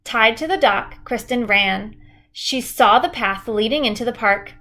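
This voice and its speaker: Woman teacher reading a chapter book aloud, steady, clear, slightly high voice. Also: measured pace.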